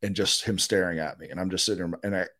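A middle-aged man, a guest in a podcast interview, telling a long story in a casual, animated way and acting out what other people said. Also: deep voice, fast talker. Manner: animated, acts out quotes of others.

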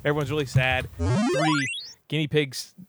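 A young man with a somewhat high voice tells a movie plot in a loose, rambling comic style. He fills his talk with "you know" and slips into quick silly voices for the characters. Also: noisy background. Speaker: podcast host recapping a movie. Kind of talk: casual comedic movie recap.

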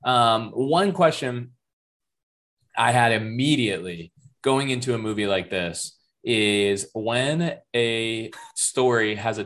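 A man's voice: lowish voice, a bit bright. A man co-hosting a casual movie review chat, thoughtful and asking his partner questions. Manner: thoughtful, asks questions, laughs easily. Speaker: podcast co-host.

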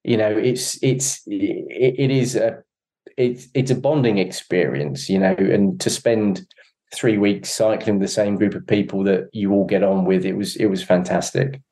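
A man sits in on a podcast as a guest, his voice on the low side. He talks earnestly and reflectively, often pausing and restarting as he searches for the right words. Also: mellow. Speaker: podcast guest, endurance cyclist. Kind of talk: casual conversation.

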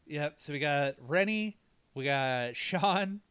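A man co-hosting a casual podcast, recapping a film's plot with jokes and quick comic impressions of the characters. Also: fairly high pitch, expressive, fairly bright tone, clear, resonant tone, no echo. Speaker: podcast co-host. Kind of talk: casual movie recap banter.

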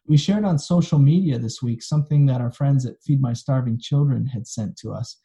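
A man's voice: mid-range voice, fairly quick, mellow. A man, a pastor, preaching a sermon in a conversational, folksy storytelling manner, recorded for an online video.

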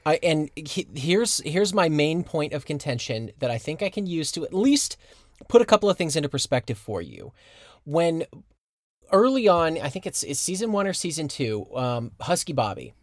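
A man's voice: on the high side, sing-song, moderate pace, dry recording, clean studio sound. A man co-hosting a podcast, earnestly laying out a counterargument in casual chat. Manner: earnest, argues his point at length. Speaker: podcast co-host.

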